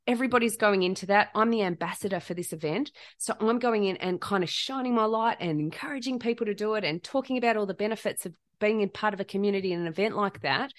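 A middle-aged woman hosting a reflective solo podcast, talking in an earnest, heartfelt way and repeating phrases for emphasis. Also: medium pitch. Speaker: podcast host.

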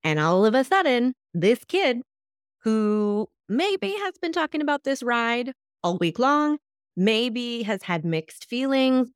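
A woman hosting a solo self-help podcast, talking in a lively coaching tone. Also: medium pitch, no echo, studio quality. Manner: lively coaching tone, acts out imagined reactions. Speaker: podcast host.

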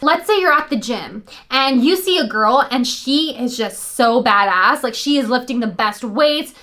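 A young woman with a high-pitched voice gives upbeat, emphatic advice straight to camera as the channel host. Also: pushed and bright.

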